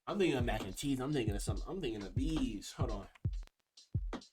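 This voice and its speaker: A man's voice: mid-range voice, expressive, brisk. A young man talking casually as he ranks food, rambling and restarting his sentences. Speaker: video creator ranking food. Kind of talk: casual commentary. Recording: music playing behind.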